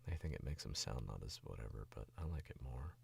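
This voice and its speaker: A man's voice: extremely low pitch, lively intonation, fast, gravelly, a little mellow, breathy edge, soft background music. A young man and voice actor chatting casually on stream while editing his own audio, rambling and self-critical, into a studio mic.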